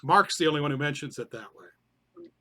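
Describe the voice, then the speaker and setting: A man's voice: fairly high pitch, animated, moderate pace, bright, forceful tone. A man leading a group Bible study, explaining in a conversational way and putting questions to the group.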